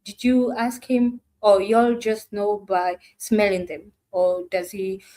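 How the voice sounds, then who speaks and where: A woman's voice: medium pitch, level tone, takes it slowly, mellow. A woman hosting a reaction video, talking in a sarcastic, exasperated way straight to her viewers. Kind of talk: casual reaction commentary.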